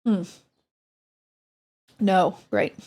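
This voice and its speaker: A woman's voice: lowish voice, sing-song, extremely slow, darkish tone. A woman from the United States streaming, chatting casually with her viewers and cooing at her dog between topics. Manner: chatty, talks baby talk to her dog.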